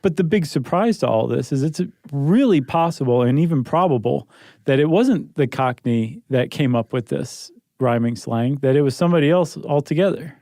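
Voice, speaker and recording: A man's voice: medium pitch, expressive, moderate pace, dark tone, no echo. A man co-hosting a podcast, chatting casually and joking around with his co-host. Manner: chatty, joking, laughs often. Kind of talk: casual chat. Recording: dry close studio sound.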